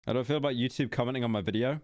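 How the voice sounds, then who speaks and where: A British streamer chats casually while playing, joking and rambling on in a mock-defensive way. His voice sits at an ordinary pitch and is recorded dry and close to the mic. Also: very fast, no echo. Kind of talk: casual live-stream commentary.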